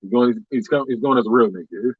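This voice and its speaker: A man's voice: medium pitch, quick pace, husky, dry recording, narrow, tinny audio. A man hosting a casual podcast, loose and joking, laughing often. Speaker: podcast host.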